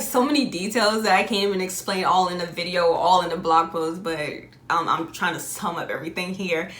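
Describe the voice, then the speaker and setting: A young adult woman telling a personal story in a casual, animated way, often laughing and jumping up high on exclamations. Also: roomy sound. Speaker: vlogger.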